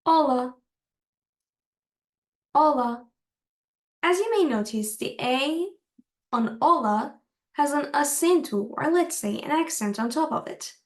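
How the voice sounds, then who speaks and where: A woman with a fairly high voice gives a language lesson. She explains step by step and repeats each word slowly so learners can follow. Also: animated. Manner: careful, repeats words for practice. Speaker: language teacher.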